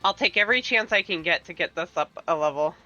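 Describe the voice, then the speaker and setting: A woman's voice: on the low side, expressive, fast talker, sharp tone. Giggly woman streamer, muffled audio. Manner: giggly, reads game lines aloud. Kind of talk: casual gaming chat. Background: faint game music.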